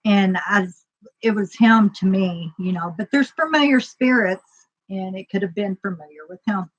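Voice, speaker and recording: A woman's voice: mid-range voice, normal speed, dull audio. A woman casually telling a personal story, rambling, with lots of fillers and acted-out dialogue.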